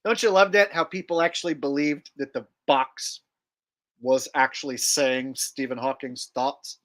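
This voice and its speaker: A male livestream host chats casually in a crude, rambling, joking way. His pitch is mid-range and ordinary. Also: fairly even intonation, unhurried, a bit bright.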